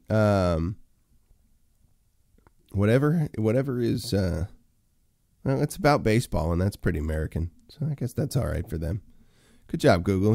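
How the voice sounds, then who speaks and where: Deep gravelly man rambling on a livestream. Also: warm tone, dry recording, clean studio sound. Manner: rambling, full of fillers, talks to chat. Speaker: livestream host. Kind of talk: casual solo livestream chat.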